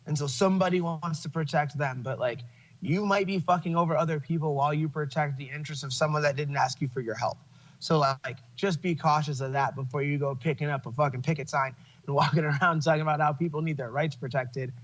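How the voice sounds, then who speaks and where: A man hosting a podcast chats casually, opinionated and profane, laughing as he tells his stories. His fairly high voice is fast with a steady tone, and the recording sounds muffled.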